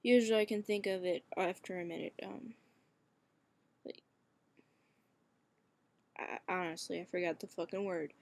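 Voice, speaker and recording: A man's voice: sits high, fairly even intonation, normal speed, gravelly, pauses often. A young man in a casual webcam vlog, talking hesitantly with lots of fillers and swearing, his voice cracking and turning shaky.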